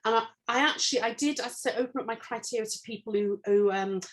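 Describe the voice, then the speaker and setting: A woman's voice: on the high side, fast. A woman author and senior lecturer being interviewed, speaking earnestly and thinking aloud, often correcting herself mid-sentence. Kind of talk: conversational interview.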